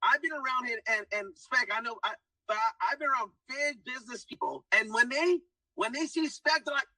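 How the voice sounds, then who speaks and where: A man's voice: very high voice, brisk, sharp tone, dry recording, recorded from a distance, low-quality recording. A man giving an emphatic motivational testimonial, keeps saying guys and hyping people up. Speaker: testimonial speaker. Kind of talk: motivational pitch.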